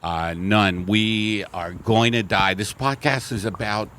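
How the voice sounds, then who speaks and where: A man with a low voice hosts a podcast in a slow, deadpan, rambling way. He talks outdoors by a coffee shop. Faint ambient noise hums behind him. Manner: deadpan, rambling comic delivery. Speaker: podcast host. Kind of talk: casual chat.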